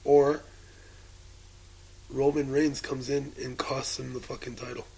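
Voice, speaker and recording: A man's voice: medium pitch, flat delivery, unhurried, creaky, warm tone, rough recording. A man co-hosting a casual wrestling podcast, cracking jokes and swearing casually. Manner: wisecracking, casual profanity. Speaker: podcast co-host.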